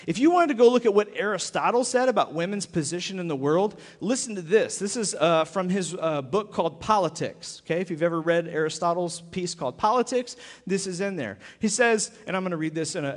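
High-voiced male pastor, very animated sermon delivery, long church-hall reverb. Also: brisk, hardly any pauses. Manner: lively, joking, rhetorical questions.

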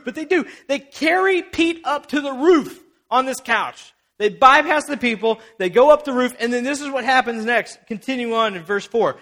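A young male pastor delivering a lively sermon, his voice strikingly high and bright. He tells the story like a performer, slipping into the characters' voices. His manner is casual and playful. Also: moderate pace. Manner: animated storyteller acting out the scene.

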